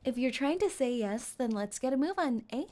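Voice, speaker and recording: A woman voicing a blunt, friendly young girl from East London with a slangy, softer, lower voice than her own. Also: expressive, fairly quick. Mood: chatty.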